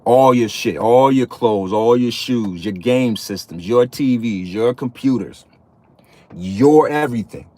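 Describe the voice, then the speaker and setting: Unhurried and mid-range with a darkish tone, this man delivers a laid-back sermon-like talk aimed at men. He swears constantly, loops back over the same points, and leans heavily on streetwise slang.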